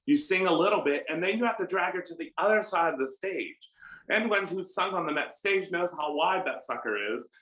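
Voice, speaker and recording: A middle-aged American man, an opera baritone, telling animated stories with self-deprecating humor in a conversational interview. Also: fairly quick. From United States. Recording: roomy room echo.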